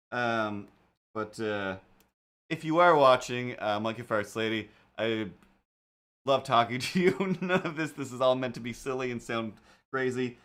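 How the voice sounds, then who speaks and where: A man's voice: mid-range voice, a little slow, fairly bright tone. A man hosting a casual drawing livestream, talking in a rambling, jokey way with lots of fillers and asides. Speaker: livestream host and artist.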